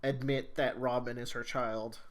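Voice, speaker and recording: A man's voice: mid-range voice, little pitch movement, unhurried. A man co-hosting a casual podcast, laying out a thoughtful comparison of story themes. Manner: thoughtful, analytical. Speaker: podcast co-host. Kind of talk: casual chat about an anime.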